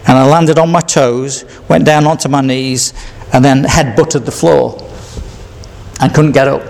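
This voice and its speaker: A man's voice: mid-range voice, fairly even intonation, unhurried, vocal fry, darkish tone. An older man telling a rambling personal testimony, repeating himself and chuckling between memories. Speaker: speaker sharing his testimony.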